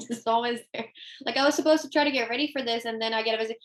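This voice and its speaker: Young mom co-host, slightly high voice, casual storytelling with quoted lines, rough home audio. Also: female voice, fairly even intonation, quick pace. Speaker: podcast co-host. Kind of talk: casual chat.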